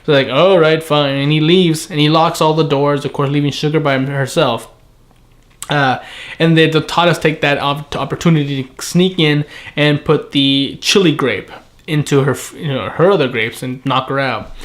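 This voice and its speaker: A man with a slightly high voice reviews an anime episode in a loose, chatty way. He is animated and amused, laughs often and drops into short imitations of the characters. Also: moderate pace. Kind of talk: casual solo review recap.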